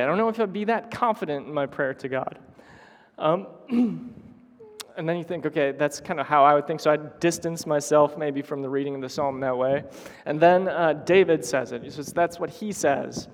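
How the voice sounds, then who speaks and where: A man preaching a sermon to his congregation, halting with restarts and clearing his throat often. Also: a little high. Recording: long hall reverb.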